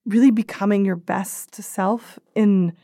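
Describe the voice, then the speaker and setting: A woman's voice: mid-range voice, fairly even intonation, slow, warm tone, dry recording, clean studio sound. A woman speaking as an expert guest, explaining in a conversational way. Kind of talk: interview answers.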